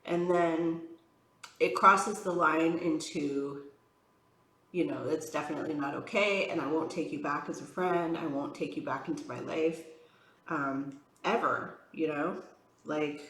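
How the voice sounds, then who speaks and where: A woman's voice: deep voice, measured pace, fairly bright tone, roomy sound, rough recording. A woman tarot reader chatting casually on a vlog, rambling with lots of fillers, frank and exasperated as she talks. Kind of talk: casual chatty vlog while doing makeup.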